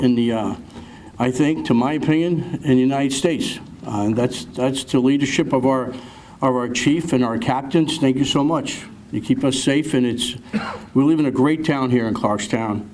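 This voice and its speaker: A man, a town councilman giving an emotional speech at a town meeting, halting and repeating words as he thanks people. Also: medium pitch, darkish tone, a little hiss or hum.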